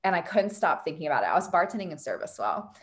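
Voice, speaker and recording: A woman's voice: sits low, sing-song, fast. A young woman hosting a podcast, a bartender telling a story in casual chat, laughing often and filling her talk with "like". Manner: laughs often, many "like" fillers.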